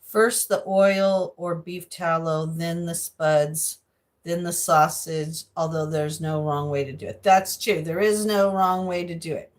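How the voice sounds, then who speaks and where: A woman's voice: lowish voice, fairly even intonation, a little slow. Chatty woman cooking on a livestream. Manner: chatty, greets chat viewers by name, rambling asides. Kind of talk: casual livestream chat while cooking. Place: home kitchen.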